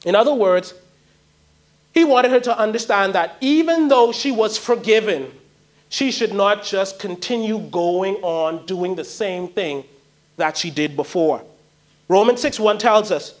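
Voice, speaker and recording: A man's voice: high voice, measured pace. A man preaching a sermon, emphatic and pleading, repeating key phrases for weight.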